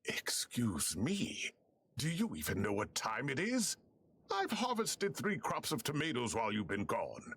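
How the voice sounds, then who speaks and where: A man's voice: mid-range voice, wildly swooping pitch, measured pace, fairly bright tone, breathy edge, exaggerated voice. An actor playing a fussy older male professor with a theatrical, lecturing way of talking.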